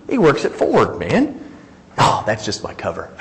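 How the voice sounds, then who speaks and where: Guy preaching a sermon, real lively up and down voice, does little voices for the quotes. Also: fairly low pitch, slow, slight background noise, rough recording. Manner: animated, acts out quoted dialogue, chuckles often. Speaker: pastor.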